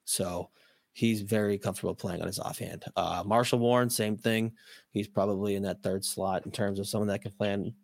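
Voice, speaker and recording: A man hosting a casual hockey podcast, losing his voice and sounding hoarse, rambling with lots of ums, restarts and casual swearing. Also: fairly low pitch, steady tone, a little fast, dry recording, clean studio sound. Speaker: podcast host. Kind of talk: casual hockey prospect talk.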